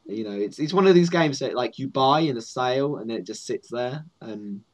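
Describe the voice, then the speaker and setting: A man's voice: mid-range voice, fairly quick, rough recording. A man narrating as game master for a tabletop role-playing game, rambling and often restarting his sentences. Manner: rambling with frequent restarts and laughs.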